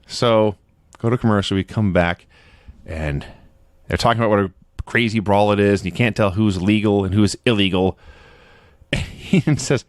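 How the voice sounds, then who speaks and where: Male podcast co-host, animated storyteller, dry close sound. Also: fairly low pitch, moderate pace, long pauses, no room sound. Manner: animated storyteller, acts out quotes. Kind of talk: casual recap chat.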